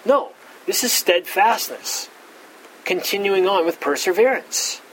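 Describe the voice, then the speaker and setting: A pastor giving an expository Bible teaching, repeating words and saying "all right" often, rising in pitch to stress key points. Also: male voice, animated, a little slow, fairly bright tone, a little hiss or hum, poor audio. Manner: rises in pitch for emphasis.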